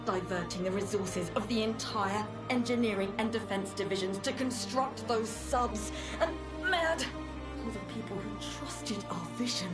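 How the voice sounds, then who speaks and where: A woman's voice: medium pitch, moderate pace, loud music behind the voice, lightly acted. An actress with an English accent playing an exasperated, stranded woman expedition leader who curses in French, in a video game. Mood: bitter, exasperated. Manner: bitter, cursing outbursts with French swears.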